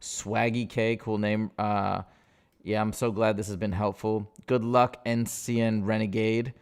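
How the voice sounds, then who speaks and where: Upbeat low-voiced man tutoring math. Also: little pitch movement, unhurried, clear, resonant tone. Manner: upbeat, casual, thinks aloud while solving. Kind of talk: live-streamed test walkthrough.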